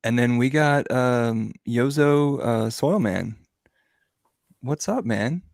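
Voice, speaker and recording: A man's voice: medium pitch, expressive, slow pace, creaky, darkish tone, dry recording, studio quality. A man hosting a casual livestream chat, welcoming guests and viewers by name and asking easygoing questions. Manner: friendly, greets viewers by name. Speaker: host.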